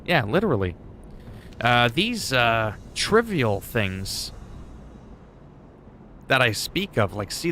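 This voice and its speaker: A man's voice: mid-range voice, fairly bright tone, a little hiss or hum. A man livestreaming a game, chatting casually and enthusiastically with viewers, rambling a bit and swearing now and then. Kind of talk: casual gameplay chat.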